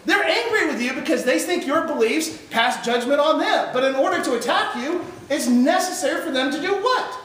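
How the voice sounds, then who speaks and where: A man giving an emphatic chapel talk to high school students, often putting questions to the audience. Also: animated, normal speed, few pauses, a bit bright, slight background noise. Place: large echoey chapel hall. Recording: echoey hall recorded from far off.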